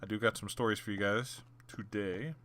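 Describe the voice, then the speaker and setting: Low-voiced man rambling over gameplay. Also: fairly even intonation, normal speed, a bit bright, slight background noise. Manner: rambling, many fillers and restarts. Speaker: gaming channel host. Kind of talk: casual storytelling over gameplay.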